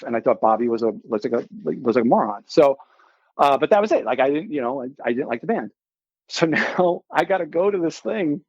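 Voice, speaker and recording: Brief: forties male guest, rambling animated storyteller, slightly muffled dry recording. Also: fairly high pitch, no echo. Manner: animated, rambling, with many filler likes and restarts. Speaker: guest musician. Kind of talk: casual storytelling.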